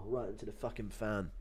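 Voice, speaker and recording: A male streamer giving loud, profane play-by-play while he reacts to a fight and reads chat. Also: medium pitch. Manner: excitable, profane, loud bursts. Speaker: streamer host.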